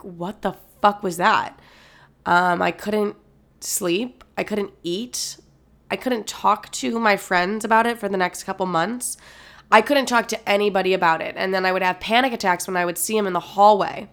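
A woman's voice: on the low side, creaky, a bit bright. A young woman hosting a podcast episode, telling a personal story candidly, with frequent swearing and many uses of "like". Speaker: podcast host.

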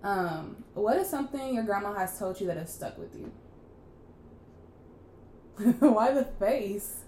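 A young woman co-hosting a podcast, chatting casually and acting out quoted lines with loud, laughing bursts. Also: mid-range voice, measured pace. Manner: animated storyteller, acts out quotes loudly with laughter. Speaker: podcast co-host. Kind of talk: casual chat. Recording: echoey room with faint background noise.

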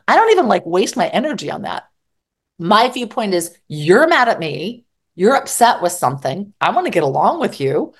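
A woman's voice: mid-range voice, very animated, fairly quick. A middle-aged woman therapist giving candid, mildly profane relationship advice in conversation, often acting out both sides of an argument. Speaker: psychologist and therapist guest.

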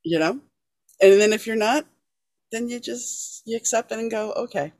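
A woman hosting a podcast, telling stories calmly and measuredly but animated when she quotes others. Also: on the high side, dry recording, studio quality. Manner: storytelling, animated when quoting, calm and measured between quotes. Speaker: podcast host. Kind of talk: casual interview conversation.

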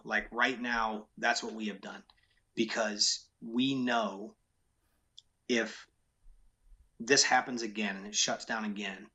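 In a casual interview, a business owner speaks frankly and with emphasis, frequently restating his main points. His voice is on the low side, pushed and bright.

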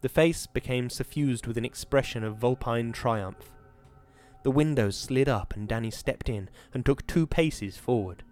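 A man hosting a podcast, giving a measured, dramatic reading of a horror novel and then chatting about it. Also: medium pitch, a little mellow, soft background music. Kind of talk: dramatic reading and casual commentary.

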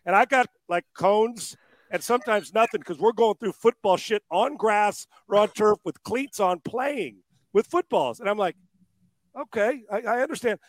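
A man with a fairly high voice tells coaching stories in casual chat, full of profanity and laughter. He works as a quarterback trainer. The sound is close and dry, with no room echo. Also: moderate pace. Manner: profane, animated storytelling with laughs.

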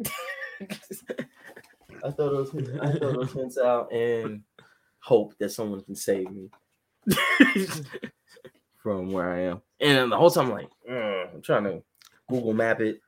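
A young man telling a story in casual chat, animated and laughing often as he acts out his own phone calls. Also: medium pitch, slow pace, long pauses, slight background noise.

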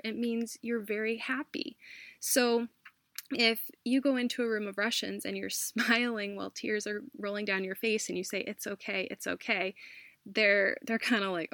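A woman talks about her teaching work in an earnest, reflective way, pausing and restarting as she thinks. Her pitch sits in the middle range, and she laughs softly now and then. The recording is dry and close, with no room sound. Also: no echo. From United States. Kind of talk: casual conversational storytelling.

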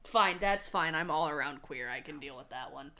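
A woman's voice: sits low, expressive, normal speed, bright, forceful tone. Rambling, joking woman co-host. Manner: joking, rambling, with many fillers. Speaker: podcast co-host. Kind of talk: casual chat.

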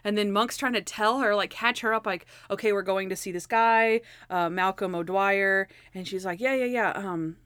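A young woman chatting casually about a TV episode, animated, acting out the characters' lines, with lots of "like" fillers. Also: medium pitch, moderate pace, few pauses, clear, resonant tone, no echo, studio quality. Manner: frequent "like" fillers. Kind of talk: casual chat recapping a TV episode.

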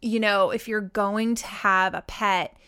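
A woman co-hosting a casual podcast, taking her time in an unhurried, deliberate way. Her voice is smooth and clear, and her thoughts come across as measured and reflective. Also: medium pitch, steady tone, sharp tone. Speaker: podcast co-host. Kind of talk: casual chat.

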